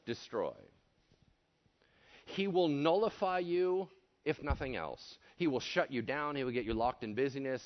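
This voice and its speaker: A man preaching an animated, jokey sermon, acting out voices and swinging between loud and hushed delivery. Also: mid-range voice. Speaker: pastor. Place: church room with audience. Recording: dull lo-fi sermon recording.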